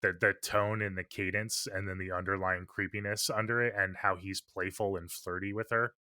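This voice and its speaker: Low bright-toned agreeable co-host. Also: male voice, flat delivery, normal speed, no room sound, clean studio sound. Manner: agreeable, thoughtful, backs up his co-host. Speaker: podcast co-host. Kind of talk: casual film discussion.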